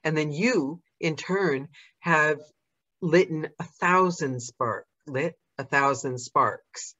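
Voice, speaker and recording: A woman's voice: low-pitched, takes it slowly, sharp tone, highs cut off. A woman hosting a podcast, chatting enthusiastically with her guest over a video call. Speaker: podcast host. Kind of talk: casual chat.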